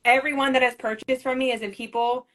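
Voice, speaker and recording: A woman's voice: high voice, fairly even intonation, a little fast, a bit bright. Emotional rambling woman in her thirties. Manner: rambling, repeats herself, emotional. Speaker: MLM leader on a livestream. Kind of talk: emotional livestream storytelling.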